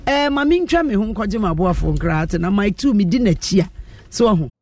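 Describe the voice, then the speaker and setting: A man with a Ghanaian accent hosting a radio call-in show, cutting in briskly and joking with callers. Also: high-pitched, animated, dry recording. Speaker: radio host.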